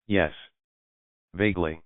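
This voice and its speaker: A man's voice: deep voice, fairly even intonation, takes it slowly, no echo. Young bride read by a man, indignant and snappish, dry phone-like audio. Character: young woman, a bride, flustered and sharp-tongued.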